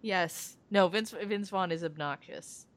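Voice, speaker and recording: A woman in casual movie chat, blunt and skeptical, with a lively delivery. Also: fairly low pitch, a little slow.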